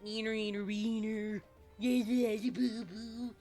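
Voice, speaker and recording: A woman's voice: on the high side, flat delivery, unhurried, mellow, faint music behind. A woman streaming a video game in casual, playful chat, who slips into baby talk when she talks to her dog.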